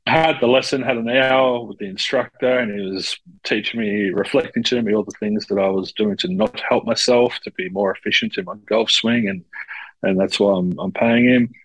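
A man who works as a coach, telling stories in a casual podcast chat, expressive and swearing freely. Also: on the low side, moderate pace, no echo, poor audio.

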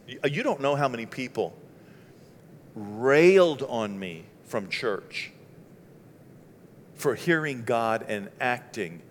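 A middle-aged man from Maine preaching in a conversational, animated storytelling style, acting out the dialogue as he goes. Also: medium pitch, big-room sound, slight background noise. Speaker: pastor. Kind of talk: storytelling sermon.

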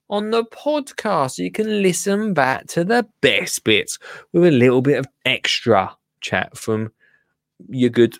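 A man's voice: medium pitch, no echo, clean studio sound. A man hosting a casual livestream, chatty and laughing, often muttering to himself and trailing off while he works the computer. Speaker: livestream host. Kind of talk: casual live-stream chat.

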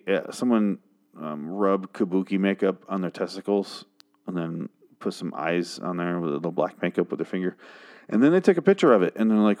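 Drunk guy going off in a sweary angry rant, kinda low voice, fed up with everything. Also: vocal fry, a little mellow. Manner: angry, profane, exasperated ranting. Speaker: show host. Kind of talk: comedic rant reviewing song lyrics.

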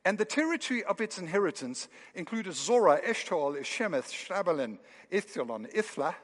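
A man preaching a sermon in a church, with animated, building emphasis. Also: sits high, moderate pace, big-room sound. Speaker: pastor. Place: church hall.

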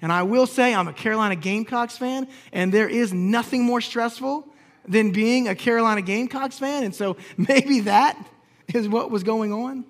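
A pastor telling a personal story in a sermon, acting out the lines of the people in it with humor. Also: male voice, extremely high pitch, normal speed. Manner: storytelling, acts out quoted dialogue with humor.

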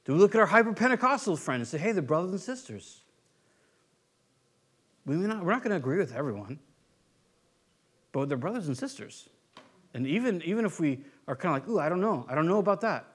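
A man's voice: a little high, sing-song, brisk, pauses often, fairly bright tone, slightly rough. A man preaching a conversational sermon as a pastor, acting out quoted voices as he goes.

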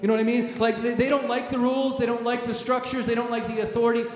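A man's voice: very high voice, level tone, fast talker. A man preaching a sermon as pastor, emphatic and repetitive, often restarting his words. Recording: echoey hall, strong reverb.

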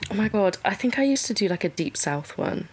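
A young woman guest on a casual podcast chat, animated and gushing, swearing casually. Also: medium pitch, fairly quick, slightly rough.

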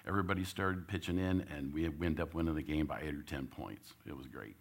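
A man giving a church talk, telling a personal story and loudly acting out what he said as a coach. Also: a bass voice, a little fast, slightly rough. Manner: animated storyteller, gets loud acting out his own coaching. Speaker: church speaker.

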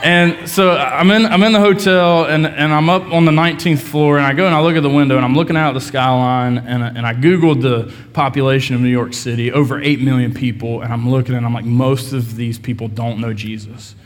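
A man's voice: medium pitch, fairly even intonation, fairly quick, hardly any pauses. Man preaching in a reverberant church hall. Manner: storytelling, self-deprecating humor. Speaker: pastor. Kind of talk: sermon. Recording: long reverb of a large hall.

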